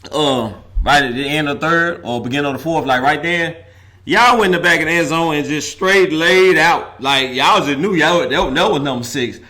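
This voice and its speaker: A man's voice: a little high, sharp tone. A man hosting a casual football talk show, joking and chatty. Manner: laid-back, joking, chatty with y'all slang. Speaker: sports talk show host. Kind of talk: casual sports talk livestream.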